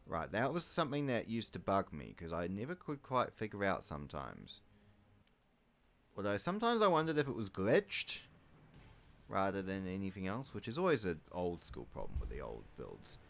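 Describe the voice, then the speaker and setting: A man's voice: deep voice, huge pitch swings, moderate pace, gravelly, a bit bright. A man from New Zealand giving casual let's-play commentary, rambling with wry asides and muttering his menu choices to himself. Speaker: gaming YouTuber.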